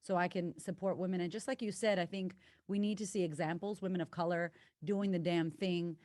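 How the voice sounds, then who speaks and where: An American woman who coaches women on confidence, talking as a podcast guest, effusive, swearing, with bursts of excitement. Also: on the low side, a little fast, dry recording, clean studio sound. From United States. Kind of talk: casual podcast interview.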